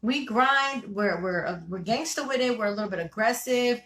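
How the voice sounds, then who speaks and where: A woman from Connecticut co-hosting a casual talk show, animated and playful, telling stories with acted quotes. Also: fairly high pitch, normal speed, roomy sound. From Connecticut, USA. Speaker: podcast co-host. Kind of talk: casual chat.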